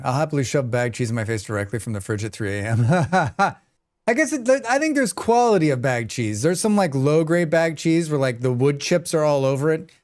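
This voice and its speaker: Fairly high in pitch, his voice is smooth and a little mellow. He's streaming a game, casually chatting and answering whatever viewers type in chat, and he sneezes repeatedly throughout.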